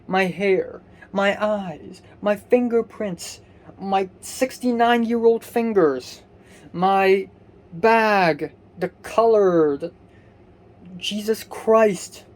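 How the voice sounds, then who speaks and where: A man's voice: sits high, drawn-out words. A young man from Hong Kong ranting angrily and sleepily, swearing constantly and restarting his sentences. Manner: swears constantly, angry and exasperated, rambling with restarts. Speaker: vlogger. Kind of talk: profane personal rant.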